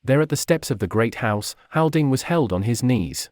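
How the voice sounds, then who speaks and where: A man narrates a fantasy tale in a steady, measured reading voice. His pitch sits in the middle, and the recording is dry and close. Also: dry recording. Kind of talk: storybook narration.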